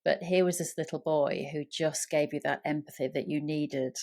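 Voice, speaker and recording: A woman hosting a podcast with a low voice. She responds thoughtfully to her guest. Her follow-up questions are affirming and reflective. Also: steady tone, moderate pace, a little mellow. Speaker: podcast host. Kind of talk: interview conversation.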